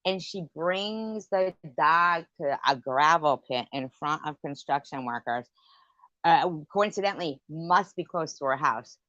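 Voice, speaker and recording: A woman with a low voice rants at an unhurried pace, swearing freely as she rambles through a late-night live stream. The sound is dry and close, with the dull, muffled tone of lo-fi stream audio. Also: animated, fairly bright tone, dry recording. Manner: profane, rambling rant. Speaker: livestream host.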